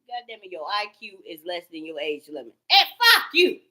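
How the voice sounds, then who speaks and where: A woman's voice: fairly low pitch, fairly quick, sharp tone. A woman ranting straight to camera in a profane, rambling, heated way.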